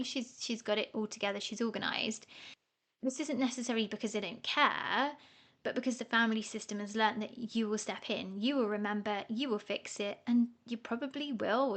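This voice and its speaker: A middle-aged woman hosting a podcast, talking casually and self-mockingly, often laughing. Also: mid-range voice. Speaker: podcast host. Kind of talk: casual solo podcast talk.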